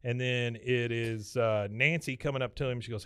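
A man in a mid-range voice casually recaps an episode scene by scene, laughing as he goes. He slips into quick quoted lines between plain narration. The sound is dry and close. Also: medium pitch, fairly even intonation, a bit bright, clean tone, dry recording. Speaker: podcast host.

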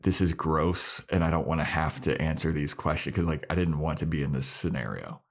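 A man's voice: very deep voice, fairly quick, creaky, voice pushed down, exaggerated voice. A man voicing Jonathan, a panicky, nervous young male sidekick who whines hesitantly. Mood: whiny.

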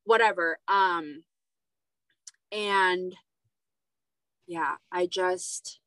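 A woman's voice: on the low side, very slow, bright, forceful tone, dry recording, low-quality recording. A woman hosting a casual podcast conversation, talking in a rambling, hesitant way with many fillers. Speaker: podcast host.

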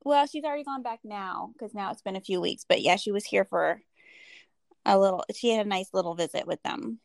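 A woman's voice: medium pitch, brisk, gravelly, no echo. Chatty woman podcast co-host, dry sound. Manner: chatty, laughs often, eating popcorn. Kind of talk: casual chat.

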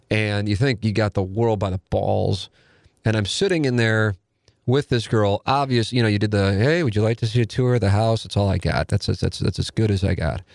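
A man in his forties spins a rambling comic story about himself, swearing freely and mocking his own shortcomings. His voice sits fairly low and sounds dry and close, with no room around it. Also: creaky, a little mellow, no echo. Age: 40s. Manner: self-deprecating, profane, rambling with restarts.

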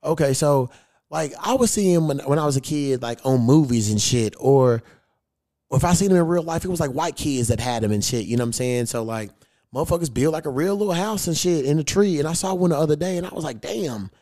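This is a man, chatting on a podcast as host. His voice sits a little high and sounds mellow and relaxed as he tells rambling, profane stories packed with slang. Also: brisk. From United States. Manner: loose storytelling, heavy slang and swearing. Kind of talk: casual profane chat.

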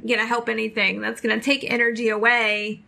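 A woman co-hosting a casual sports podcast, calm and reasoning, with a teasing edge. Her voice sits high and bright, with a gravelly fry. She talks things through evenly. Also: a little fast. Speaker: podcast co-host.

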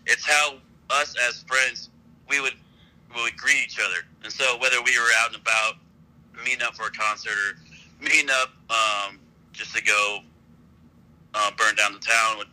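A man's voice: mid-range voice, steady tone, normal speed, sharp tone, rough recording. A man guesting on a podcast, telling stories in a laid-back, rambling way. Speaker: podcast guest, brand founder. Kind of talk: casual interview storytelling.

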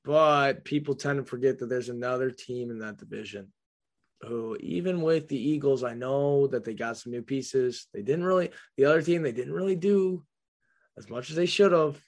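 A man's voice: medium pitch, normal speed. A young man hosts a laid-back football talk show, loose and jokey, dropping casual swear words as he goes. His voice sits in an ordinary middle range. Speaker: podcast host. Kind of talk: casual sports chat.

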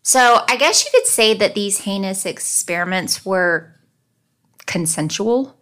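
A woman hosting a true-crime podcast in casual chat, talkative and quick to laugh. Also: mid-range voice, lively intonation, a bit bright. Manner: chatty, digresses, laughs easily. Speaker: podcast host.

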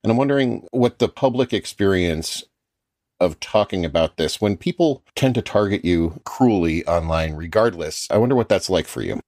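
A man's voice: low-pitched, lively intonation, moderate pace, a little mellow, dry recording, studio quality. A man interviewing a guest, asking long, thoughtful, winding questions in a conversational way.

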